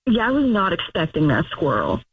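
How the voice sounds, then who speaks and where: A woman's voice: on the low side, huge pitch swings, a little fast, breathy edge. A young woman calling in to a talk show, chatty and gushing, with many fillers and restarts. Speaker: caller. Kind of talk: telling a dating story on a call-in show. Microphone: phone. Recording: tinny phone line.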